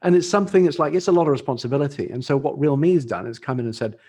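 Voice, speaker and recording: A man's voice: medium pitch, expressive, rapid-fire, a little mellow, breathy edge. A middle-aged man with an English accent, a dating industry expert talking casually as a podcast guest, laughing often and restarting phrases. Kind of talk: casual interview talk.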